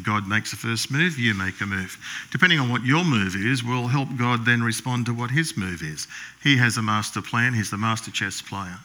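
A male pastor tells his sermon like a story, acting out the characters' lines in a hushed voice and clearing his throat often. His voice is mid-range and his speed is normal.

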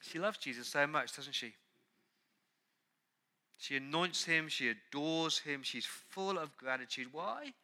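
A man's voice: on the high side, animated, a little slow, long pauses, bright, forceful tone. A man preaching a sermon as pastor, earnest and emphatic, repeating key words.

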